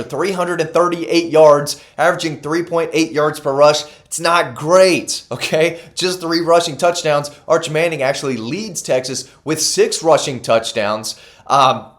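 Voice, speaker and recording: A man giving solo college football analysis, emphatic and casual, repeating key stats for effect and correcting himself as he goes. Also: a little high. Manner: self-correcting, casual asides. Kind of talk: solo sports commentary.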